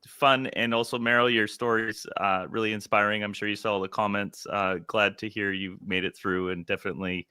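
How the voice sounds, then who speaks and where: A man hosting a livestream in a friendly, relaxed way, thanking guests and bringing on the next group. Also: lowish voice, a little fast, hardly any pauses, clear, resonant tone, dry recording, studio quality. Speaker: livestream host.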